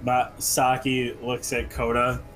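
A man's voice: medium pitch, monotone, takes it slowly, fairly bright tone, faint music behind. A man playing a tabletop game, speaking in character with an odd third-person manner. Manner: speaks of self as "this one". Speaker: player.

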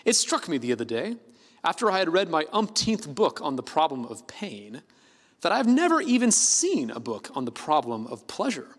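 Lively preaching man in a reverberant hall. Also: on the high side. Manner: conversational, lively preaching with light laughs and self-corrections. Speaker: pastor. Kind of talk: sermon.

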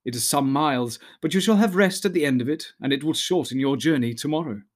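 A man voicing an ancient noble male elf leader who speaks slowly and solemnly. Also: a little high, lightly acted. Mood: stately. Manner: slow, stately, solemn speech.

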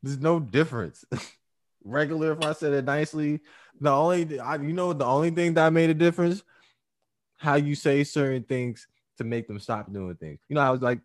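A man co-hosting a casual chat, telling animated, profane, jokey stories. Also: fairly high pitch, moderate pace.

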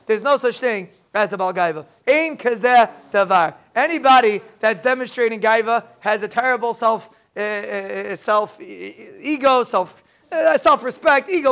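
A man teaching a daily Talmud lesson, reading Aramaic phrases and explaining them in lively conversational asides. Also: very high-pitched.

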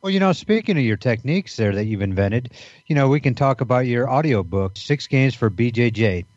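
A man's voice: mid-range voice, lively intonation, brisk, darkish tone, no echo, lo-fi sound. A man co-hosting a podcast in casual banter, rambling with many fillers and restarts. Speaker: podcast co-host.

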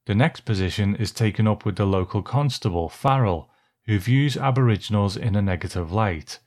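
A man co-hosting a film podcast, easygoing and quick to laugh as he recaps a film's plot. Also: fairly low pitch, animated, darkish tone. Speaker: podcast co-host. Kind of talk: casual chat and reading a plot summary.

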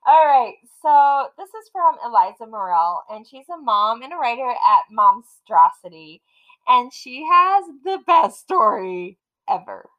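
A middle-aged woman co-hosting a podcast in casual chat, laughing often as she tells animated stories. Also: a little high, a little slow, lo-fi sound. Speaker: podcast co-host.

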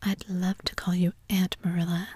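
A woman voicing an eager, imaginative orphan girl in a breathy whispered role-play, gushing and imploring. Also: medium pitch, level tone, normal speed, dark tone. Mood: wistful.

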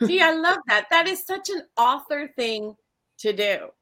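A woman writer hosting a podcast, chatting enthusiastically and warmly affirming her guests. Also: sits high, lively intonation, measured pace. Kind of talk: casual chat.

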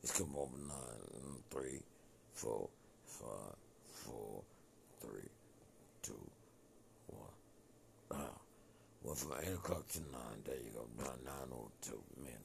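A man talking in a rambling monologue that drifts between topics, swinging from loud outbursts to low mutters. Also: takes it slowly, vocal fry, pauses often, a little hiss or hum.

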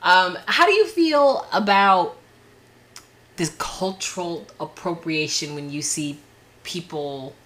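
A middle-aged woman, co-hosting a casual podcast chat, telling animated stories, laughing often and acting out what people said. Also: on the low side, slow pace. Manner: animated storyteller, laughs often, acts out quotes. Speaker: podcast co-host.

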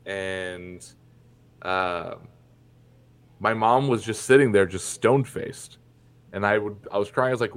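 A man's voice: lowish voice, measured pace, pauses often. A man from Indiana who is a podcast guest, telling personal stories in a candid, profane way, with many fillers and restarts. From Indiana, USA. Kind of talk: casual interview storytelling.

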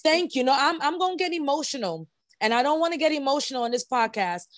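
A woman with a high voice hosts a podcast in relaxed conversation. She talks effusively and grows openly emotional, leaning on repeated words for emphasis. The sound is dry and close. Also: fast talker, dry recording. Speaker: podcast host. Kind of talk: casual podcast chat.

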